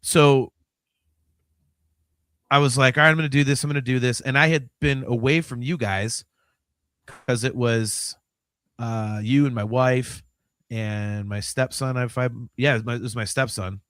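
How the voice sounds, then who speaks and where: A man of about fifty, hosting a podcast in casual chat, animated and swearing freely, swinging between mumbling asides and loud outbursts. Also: medium pitch, normal speed, long pauses, clear, resonant tone, dry recording, studio quality. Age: 50s. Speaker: podcast host.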